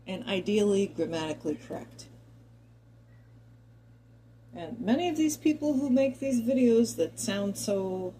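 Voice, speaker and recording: Chatty woman with a warm, mellow voice. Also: mid-range voice, a little hiss or hum, poor audio. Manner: chatty and digressive, talks directly to viewers. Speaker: commentary vlogger. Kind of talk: opinion monologue to camera.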